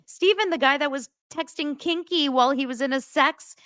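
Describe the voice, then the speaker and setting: Animated woman podcast host, dry close sound. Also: moderate pace, dry recording. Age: 40s. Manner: animated, acts out quotes in a higher voice, laughs often. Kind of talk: casual pop-culture recap chat.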